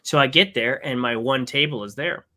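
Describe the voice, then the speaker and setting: A man on a podcast casually telling an animated story, acting out both sides of a conversation. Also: mid-range voice, normal speed. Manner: animated anecdote with quoted exchanges. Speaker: podcast co-host.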